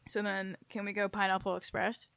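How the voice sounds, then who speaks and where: Young woman, chatty and enthusiastic, casual podcast chat, mid-pitched voice, dry close sound. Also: little pitch movement, a little fast, gravelly, a bit bright, no echo. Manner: chatty, enthusiastic, laughs often, swears casually. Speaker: podcast co-host.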